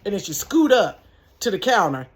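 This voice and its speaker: A middle-aged woman who manages a store tells a casual storytime vlog from her bedroom, chatty and animated, talking straight to her viewers. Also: medium pitch, normal speed.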